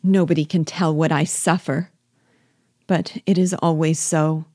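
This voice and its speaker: A woman voicing a fretful, self-pitying middle-aged mother who complains in a slow, drawn-out, melancholy way. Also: deep voice, steady tone, darkish tone, no echo, studio quality. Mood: scolding. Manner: whining, drawn-out melancholy delivery.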